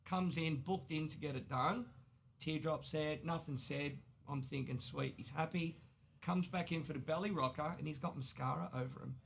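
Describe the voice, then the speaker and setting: An Australian man in his forties tells stories on a podcast, animated and foul-mouthed, acting out each quoted line. His voice sits a little high with a gravelly fry. A faint hiss runs under the recording. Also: moderate pace. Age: 40s. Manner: animated, swearing, acts out quoted dialogue. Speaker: tattoo artist guest. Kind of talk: casual storytelling.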